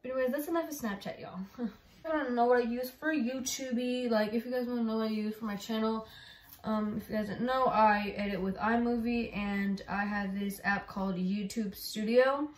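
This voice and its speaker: A woman's voice: on the high side, steady tone, moderate pace, distant mic. A woman vlogging casually about her phone, chatty and rambling, with lots of "like" and "y'all". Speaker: YouTuber. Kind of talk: casual vlog phone walkthrough. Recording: roomy echo.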